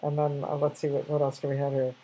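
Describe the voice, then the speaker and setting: A woman's voice: very deep voice, completely flat delivery, quick pace, dark tone, low-quality recording. An older woman casually sharing reflective anecdotes, rambling with many restarts and fillers.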